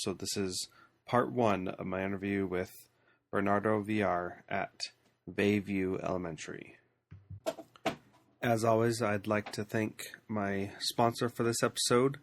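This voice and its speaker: A man's voice: lowish voice, no echo. Man with a cold hosting a podcast. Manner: friendly, plain, reads the sponsor message. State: has a cold, voice deeper than usual. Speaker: podcast host interviewing a principal. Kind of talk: podcast intro and interview questions.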